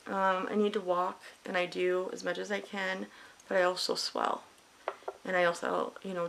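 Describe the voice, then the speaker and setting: A middle-aged woman talks through her makeup routine in an open, emotional, rambling way, dropping swear words as she goes. Her voice has a gravelly fry to it. Faint hiss runs under the recording. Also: medium pitch, poor audio. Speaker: makeup vlogger. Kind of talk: casual chat while doing makeup.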